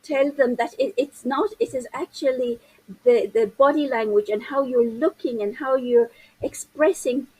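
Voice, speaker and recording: A husky, high-pitched woman with a breathy edge speaks as a guest in an interview. She explains parenting ideas in an animated way, gesturing with her hands as she goes. She sounds like she is in her fifties. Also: normal speed, rough recording. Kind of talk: interview conversation.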